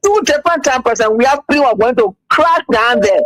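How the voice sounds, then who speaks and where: A man calling a radio show, ranting in agitated, halting bursts that repeat themselves. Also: very high-pitched, expressive, fairly bright tone, dry recording, rough recording. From Liberia. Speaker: radio caller. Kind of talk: phoned-in political rant.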